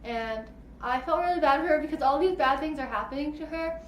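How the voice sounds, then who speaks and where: A woman's voice: high voice, a little fast, slight background noise. A woman reviewing a novel in a casual vlog, gushing and filling her sentences with "like" and "I really liked". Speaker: book reviewer. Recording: echoey room.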